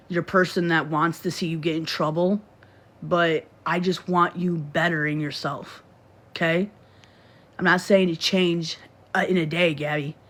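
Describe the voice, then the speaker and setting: Her low voice has a fairly bright tone as she broadcasts a phone livestream from her bed. In the bedroom, she delivers a repetitive, preachy lecture full of scolding.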